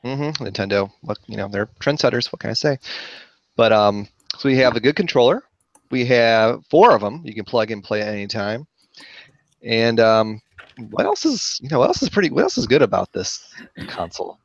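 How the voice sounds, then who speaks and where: A man co-hosting a podcast, talking casually with many pauses and fillers. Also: mid-range voice, very animated, gravelly, dry recording. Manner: hesitant, many fillers, trails off. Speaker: podcast co-host. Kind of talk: casual chat. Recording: dull, muffled podcast audio.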